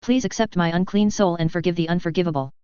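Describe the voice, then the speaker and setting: A woman voicing a panicked, melodramatic male alien who pleads and shouts frantically, in a clear voice. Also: on the low side, fast talker, dry recording, lo-fi sound, close to an everyday voice. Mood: frantic.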